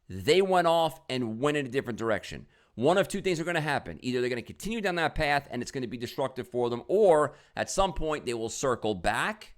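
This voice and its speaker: Lively storytelling man, animated delivery. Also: mid-range voice, fairly quick, hardly any pauses. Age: middle-aged. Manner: storytelling with lots of fillers and quoted dialogue. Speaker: business and sales coach. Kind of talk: casual motivational talk to camera.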